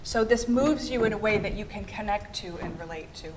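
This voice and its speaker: Speaking briskly at a medium pitch, a middle-aged American woman who works as a fundraising communications consultant presents at a conference in a presentation room. She keeps listeners involved with questions, and there's a slight hiss or hum in the audio.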